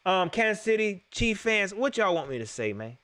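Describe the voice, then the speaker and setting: A man hosting a casual sports talk stream, animated and joking, repeating his lines for effect. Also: high-pitched, normal speed.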